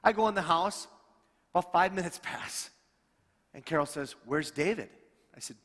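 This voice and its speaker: A middle-aged man preaching a storytelling sermon as a pastor, animated and acting out the dialogue in his stories. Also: a little high, normal speed. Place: church sanctuary. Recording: long reverb of a church hall.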